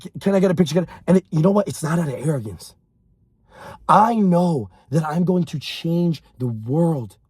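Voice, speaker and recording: A young man giving a blunt, intense motivational monologue, swinging from mocking mimicry to shouting. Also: high voice, husky, dry recording. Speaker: motivational speaker.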